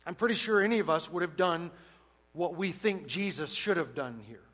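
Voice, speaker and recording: A man preaching a sermon, emphatic and swinging between loud and hushed delivery. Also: on the high side, moderate pace, low-quality recording.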